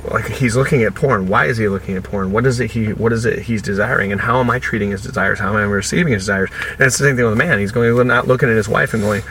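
Bright-voiced man telling lively stories. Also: on the low side, fast talker, few pauses, a little hiss or hum. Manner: animated storyteller who acts out the people he quotes. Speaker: podcast guest, author and speaker. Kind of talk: casual conversational interview.

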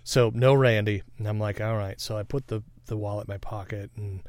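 A man's voice: on the low side, steady tone, darkish tone, dry recording. A man preaching a sermon in a conversational, reflective way, sharing a personal story and often checking in with "all right?". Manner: reflective, meditative pauses.

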